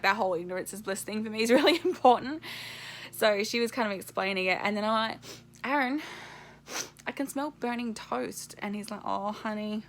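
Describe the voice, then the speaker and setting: A woman in her thirties talks straight to the camera in a loose, chatty vlog manner. She laughs easily, leans on fillers, and slips into quick acted-out quotes of herself and others. Her voice sits at an everyday middle pitch for a woman. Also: slight background noise. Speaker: vlogger. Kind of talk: casual storytelling to camera.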